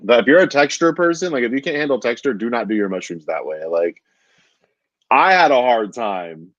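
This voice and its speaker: A man's voice: mid-range voice, expressive, moderate pace, a bit bright, no echo. A man, a stand-up comedian, telling a rambling story in casual chat, with plenty of "like" and "dude". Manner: rambling, says "dude" constantly, many fillers. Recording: dull lo-fi dry sound.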